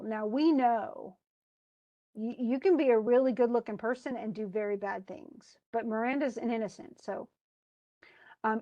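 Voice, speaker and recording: A woman teacher talks through a classic play in a loose, chatty way, often restarting her phrases. Her voice sits somewhat high. The recording is close and dry. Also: moderate pace, a little mellow, no echo. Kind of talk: casual lesson explaining a play.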